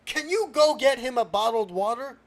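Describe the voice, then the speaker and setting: A man voicing an exasperated male bystander who tries to explain things and calm a quarrel, in a comedic character sketch. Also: high-pitched, measured pace, slightly rough, full character voice. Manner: explaining, placating.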